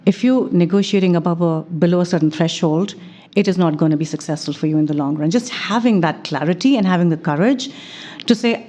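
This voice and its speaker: Woman guest, lowish voice, measured and reflective interview storyteller. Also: warm tone. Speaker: guest, venture investor. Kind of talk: conversational interview.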